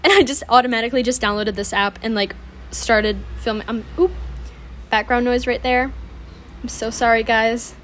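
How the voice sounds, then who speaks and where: A young woman with a slightly high voice chats casually into a phone propped up at home. She rambles and giggles, gushing with plenty of fillers as she hosts her own little podcast. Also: moderate pace, a little hiss or hum. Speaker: solo podcast host.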